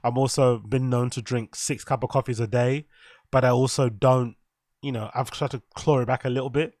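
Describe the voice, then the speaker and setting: English male streamer, crude banter, mid-pitched voice, dry close sound. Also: fairly even intonation, moderate pace, no echo. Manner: crude, joking, shout-outs to chat. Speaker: live streamer. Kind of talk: casual live reaction stream.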